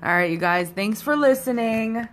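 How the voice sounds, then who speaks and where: A woman's voice: fairly high pitch, lively intonation, normal speed, slight background noise. A woman hosting a solo podcast, chatting in a rambling, casual way straight to her listeners, a little tipsy. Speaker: podcast host.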